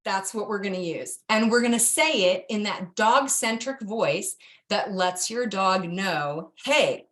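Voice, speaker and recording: A woman's voice: a little slow, fairly bright tone. A middle-aged woman giving a casual, direct online dog-training lesson, talking straight to her students. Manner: chatty, direct, jumps to a high sing-song for cue words. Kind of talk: online course instruction.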